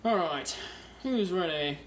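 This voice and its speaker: A man's voice: high voice, animated, slow pace, a bit bright, a little hiss or hum. Man hamming up a fake British accent. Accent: put-on British. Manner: jokey, rambling and self-mocking. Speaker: wine vlog host. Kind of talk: casual wine-tasting vlog. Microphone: phone.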